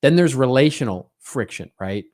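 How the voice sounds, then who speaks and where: A man's voice: medium pitch, animated, normal speed, a little mellow. A middle-aged man hosting a podcast alone, talking in a conversational way, tagging his points with "right?" and acting out little quoted exchanges. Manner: conversational, frequent "right?" tags, acts out small quoted exchanges. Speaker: podcast co-host. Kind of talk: solo podcast monologue.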